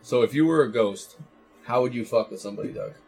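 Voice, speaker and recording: A man's voice: medium pitch, fast talker, gravelly, husky, faint music behind. A man in his twenties, a podcast co-host trading crude jokes with friends, laughing often and acting out silly voices. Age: 20s. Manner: animated, laughing, acts out voices. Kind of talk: crude casual banter among friends.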